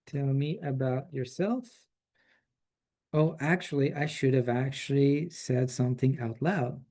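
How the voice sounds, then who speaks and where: A man presenting a software tool in a relaxed, chatty way, with frequent fillers and restarts. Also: medium pitch. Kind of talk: casual software demo.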